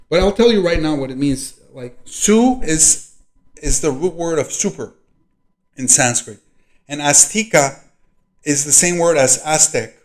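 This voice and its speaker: A man hosting his own video, reading a diary aloud and breaking off into long commentary. He rambles, fills gaps with ums, and clears his throat often. His loudness rises and falls as he talks. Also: mid-range voice. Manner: rambling, frequent throat clearing and fillers, loudness rising and falling. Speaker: video host.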